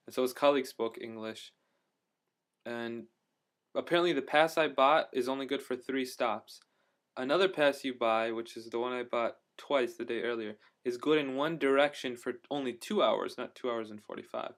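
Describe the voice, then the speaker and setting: A man's voice: mid-range voice, fairly even intonation, brisk. A young man talking casually in a travel vlog, rambling and hesitant with many fillers and restarts. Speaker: travel vlogger.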